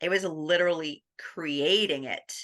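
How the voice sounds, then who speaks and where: A woman guest on an interview podcast, telling her story in a lively, animated way. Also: low voice, a little slow. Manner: animated, acts out quoted dialogue with laughs.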